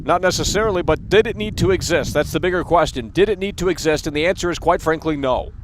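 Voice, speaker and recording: A man's voice: a little high, fast, background noise. A young adult man hosting a gaming livestream, ranting bluntly and casually with lots of swearing. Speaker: livestream host.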